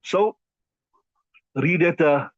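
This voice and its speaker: A man's voice: a little high, very slow, no room sound. A man teaching a Quran commentary class in a conversational, emphatic way, often repeating himself and using fillers. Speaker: Islamic teacher. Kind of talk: tafsir class lecture. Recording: dull lo-fi dry sound.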